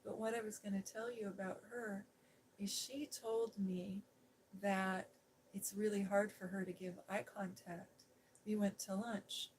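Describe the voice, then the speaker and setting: Soft-spoken woman telling a story, half-whispered. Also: mid-range voice, slight background noise, poor audio. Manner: gentle, hushed, drifting into whispers. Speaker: ASMR host.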